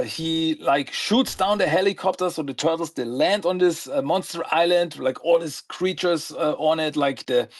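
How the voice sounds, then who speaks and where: Higher-voiced man recapping comics casually. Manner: rambling plot summaries full of "uh" and "like". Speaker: podcast co-host. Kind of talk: casual comic review chat.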